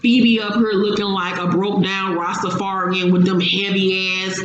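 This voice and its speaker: A woman's voice: medium pitch, flat delivery, measured pace, lo-fi sound. Brash, profane woman in an echoey room. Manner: brash, profane, slangy, laughs often. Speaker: reality TV reaction host. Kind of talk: casual reaction recap. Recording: very echoey room, faint hiss.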